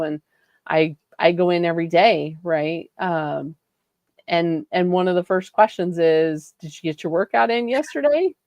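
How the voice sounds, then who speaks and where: Brief: woman podcast co-host, lowish voice, dry, slightly dull recording, easygoing and agreeable. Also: no room sound. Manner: soft-spoken, agreeable, frequent "um" and "right?". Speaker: podcast co-host and health coach. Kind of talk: casual podcast chat.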